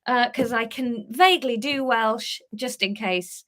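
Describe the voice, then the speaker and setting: A woman's voice: a little high, a little slow, a bit bright. A woman reading her own story aloud on a live stream, breaking off to laugh and chat with viewers between passages. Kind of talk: live book reading with chatty asides to viewers.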